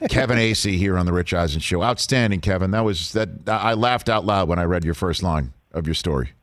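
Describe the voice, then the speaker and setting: A man hosting a sports talk show, interviewing a guest, enthusiastic and quick to laugh, repeating phrases for emphasis. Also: low voice, no echo. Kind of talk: studio interview.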